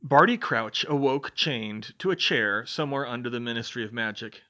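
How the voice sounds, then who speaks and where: A man reading fan fiction aloud as an expressive audiobook narration. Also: mid-range voice, moderate pace, hardly any pauses. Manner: expressive, voices each character. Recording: dull lo-fi sound.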